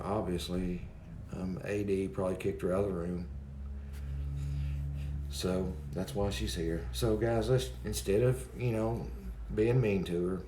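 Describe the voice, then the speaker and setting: A man's voice: low voice, dark tone, echoey room, a little hiss or hum. A man hosting a livestream, chatting casually and rambling as he greets viewers in the chat by name. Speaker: livestream host.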